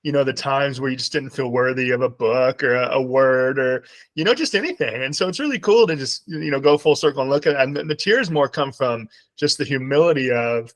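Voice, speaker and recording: A man's voice: mid-range voice, a little fast, poor audio. A man speaking as guest on a video call, telling a heartfelt personal story in a reflective way. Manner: heartfelt, reflective, quotes himself and others.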